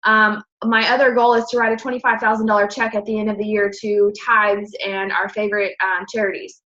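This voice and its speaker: A woman's voice: mid-range voice, flat delivery, brisk, a bit bright, highs cut off. A woman in her twenties giving a casual presentation to her team, chatty and upbeat, with lots of fillers and self-corrections. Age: 20s.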